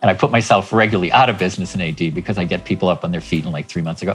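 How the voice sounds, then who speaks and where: A man's voice: sits low, very fast, breathy edge, faint music behind. A man in his sixties, a life coach, telling stories in an interview and acting out dialogue in changing voices. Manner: animated, acts out dialogue in shifting voices. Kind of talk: storytelling interview talk.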